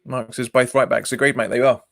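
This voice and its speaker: A man's voice: mid-range voice, flat delivery, a little fast, creaky, a bit bright, no echo, studio quality. A man hosting a live football watch-along stream, reacting to the match, reading out viewer comments and laughing often. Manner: reads viewer comments aloud and answers them, laughs often. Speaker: fan channel host.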